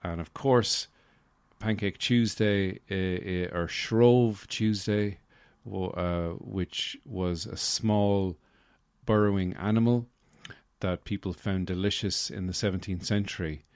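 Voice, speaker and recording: A man hosting a casual solo podcast, rambling with deadpan humor and lots of fillers into a close mic. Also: low voice, takes it slowly, clear, resonant tone, dry recording. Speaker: podcast host.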